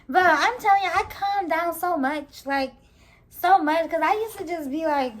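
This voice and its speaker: A young woman vlogger telling a casual, animated storytime, laughing and slangy as she goes. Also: extremely high pitch, moderate pace. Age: young adult.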